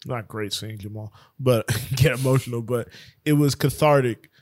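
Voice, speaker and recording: A man co-hosting a sports podcast, talking loosely and laughing often as he trails off and starts over. The sound is dry and close, with no room in it, and his pitch sits in the middle of the usual range for a man. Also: moderate pace, darkish tone, dry recording. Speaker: podcast co-host. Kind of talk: casual sports chat. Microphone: podcast microphone.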